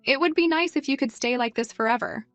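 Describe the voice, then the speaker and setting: A woman voicing a cold, possessive male mafia boss who talks calmly and menacingly, over faint music. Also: high voice, fast talker, no echo, voice pushed up. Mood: cold, taunting. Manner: calm, menacing. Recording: dry, music faint behind.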